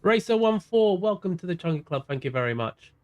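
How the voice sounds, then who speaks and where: In a muffled recording with soft music behind him, a man with a South London accent chats through a live racing game stream. His high voice is sing-song, brisk, and a little mellow as he greets viewers by name and drifts into mumbled asides.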